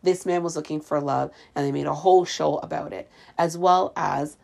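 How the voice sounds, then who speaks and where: A woman's voice: low voice, fairly even intonation, moderate pace, vocal fry, darkish tone. A woman from Canada chatting casually to camera in a sarcastic, ranting way, in a room with the windows open. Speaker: vlogger. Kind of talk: casual chat.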